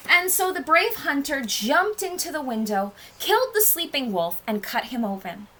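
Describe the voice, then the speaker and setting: A nursery school teacher, a woman, reading a storybook aloud to young children with expressive, sing-song storytelling. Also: high voice, moderate pace, slight background noise, rough recording.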